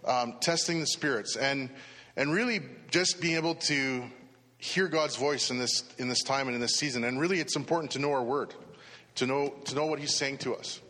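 Man preaching slow n prayerful, bright sharp voice, long echo of a big hall. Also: mid-range voice. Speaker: church speaker. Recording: long reverb of a large hall.

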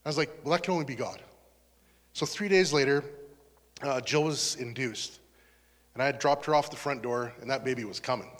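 A man's voice: medium pitch, fairly quick, long pauses, a bit bright. A man preaching in an earnest, conversational way, sharing a personal testimony as a pastor. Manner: earnest, conversational, turns emotional. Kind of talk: testimony sermon. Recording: long hall reverb.

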